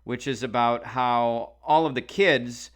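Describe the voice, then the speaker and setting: A man's voice: mid-range voice, slow. A man co-hosting a podcast, telling a rambling casual story with lots of fillers. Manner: rambling, many fillers and restarts. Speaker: podcast co-host.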